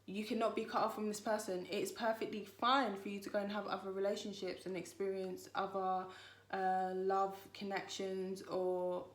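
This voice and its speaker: A woman's voice: medium pitch, little pitch movement, normal speed. A woman giving a spiritual tarot reading to her viewers in a chatty, rambling, reassuring way. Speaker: tarot reader. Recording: echoey room.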